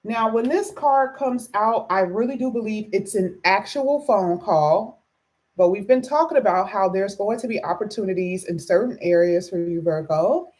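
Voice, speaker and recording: A woman's voice: medium pitch, normal speed, darkish tone. Freshly woken woman reading tarot live. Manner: chatty, greets viewers by name. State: just woke up, voice low. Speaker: tarot reader.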